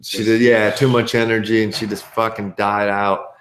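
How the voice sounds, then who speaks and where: A man's voice: on the low side, flat delivery, normal speed, a bit bright, roomy sound. A man co-hosting a casual podcast, giving a rambling, profane recap of a movie. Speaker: podcast co-host.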